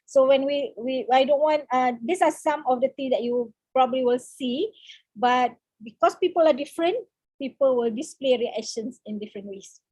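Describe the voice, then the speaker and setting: A Malaysian woman lectures on counseling in a high-pitched voice, pausing often with fillers and dropping in the odd Malay word. The sound is close and dry, with no room around it, as over a video call. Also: darkish tone, breathy edge, no echo. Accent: Malaysian English. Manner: halting, many fillers, mixes in Malay words. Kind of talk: seminar lecture.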